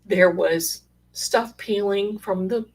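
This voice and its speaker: A middle-aged woman telling rambling, animated stories in a casual way. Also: medium pitch, slow pace. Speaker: storyteller sharing paranormal stories. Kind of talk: casual storytelling.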